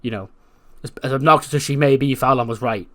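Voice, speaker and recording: A man's voice: mid-range voice, fast talker, pushed and bright, natural voice. A man voicing an encouraging male mentor who reassures his student.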